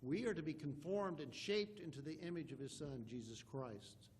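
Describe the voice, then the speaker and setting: A man's voice: fairly high pitch, normal speed, a little mellow, a little hiss or hum. A man, a pastor, preaching an emphatic sermon and reading scripture aloud in old-fashioned wording from a church sanctuary.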